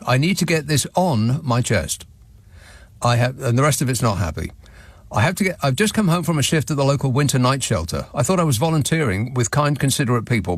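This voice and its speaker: A man's voice: mid-range voice, no room sound. A man hosting a radio phone-in, reading listener messages in a dry, sardonic way with wry chuckles. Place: radio studio. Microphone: studio microphone.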